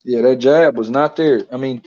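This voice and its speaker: A man's voice: mid-range voice, moderate pace, darkish tone, dull audio. A man co-hosting a casual boxing chat, talking loosely and laughing, with frequent restarts and repeated words. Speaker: boxing podcast co-host.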